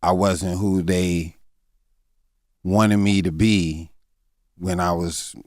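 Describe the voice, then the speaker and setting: A man in his fifties with a very deep voice speaks as a comedian guest in a candid interview. His talk is halting and reflective, full of fillers and restarts. The studio sound is dry and close, with no room echo. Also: fairly even intonation. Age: 50s.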